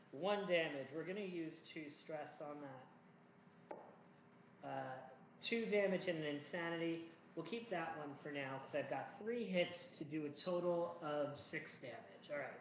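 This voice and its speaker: A man's voice: fairly high pitch, measured pace, a bit bright. A man talking through a solo board game playthrough, chatty and rambling, with jokey asides to himself. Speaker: board game player and host. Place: home room. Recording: echoey room with faint noise.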